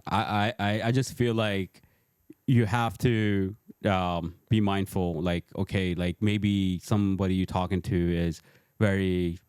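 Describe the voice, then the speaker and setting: Low-voiced man ranting animatedly. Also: measured pace, smooth, no echo, studio quality. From Pakistan. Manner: animated, profane ranting with laughter. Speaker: podcast guest, host's uncle. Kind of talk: casual podcast chat.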